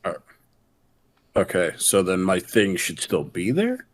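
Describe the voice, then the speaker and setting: Slow, low-voiced man playing his character. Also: wildly swooping pitch. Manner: hesitant, slightly formal in character. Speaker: player. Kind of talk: tabletop role-play.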